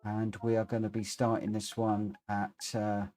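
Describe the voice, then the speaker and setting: A man's voice: on the low side, completely flat delivery, unhurried, warm tone, faint music behind. A man from the United Kingdom commentating his live racing game stream, chatting to viewers and reading out the race results.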